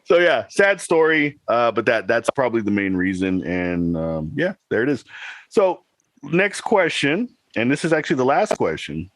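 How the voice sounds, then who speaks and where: A man's voice: mid-range voice, very animated, normal speed, a bit bright, no room sound. A man in his thirties, a podcast co-host, chatting casually and telling a rambling story with laughs. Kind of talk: casual chat.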